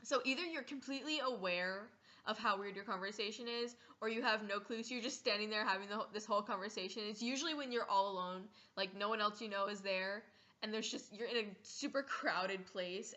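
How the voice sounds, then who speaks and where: A woman's voice: mid-range voice, a little fast, pushed and bright. A teenage girl vlogging casually in a playful, giggly way, acting out little scenes. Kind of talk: casual comedic vlog.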